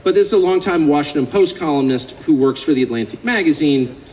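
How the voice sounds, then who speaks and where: A man's voice: a little high, lively intonation, brisk, a little mellow, rough recording. An American man giving a public speech to a live audience, sardonic and joking, growing more impassioned as he goes. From United States. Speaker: invited speaker.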